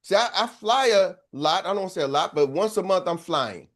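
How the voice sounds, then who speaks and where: This middle-aged man, a sales coach, gives a motivational talk in a preachy, story-driven style, calling out to the crowd. He has a high-pitched, fairly bright voice with lively intonation and a moderate pace.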